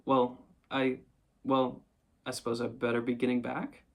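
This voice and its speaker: A man voicing a big, blustering male heffalump creature in a storybook reading, with a loud, bumbling voice. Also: mid-range voice, completely flat delivery, unhurried, gravelly.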